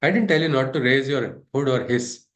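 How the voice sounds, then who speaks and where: A man, voicing a calm old hermit giving advice in a fable. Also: mid-range voice, normal speed, roomy sound, natural voice. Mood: advising.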